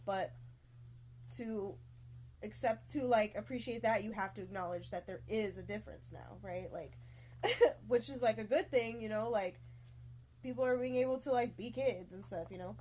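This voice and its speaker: A woman's voice: mid-range voice, normal speed, darkish tone, slight background noise. A young woman streaming herself reading a book and reacting, rambling off on tangents with lots of "like" and self-mocking asides. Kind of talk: casual livestream reading and reacting.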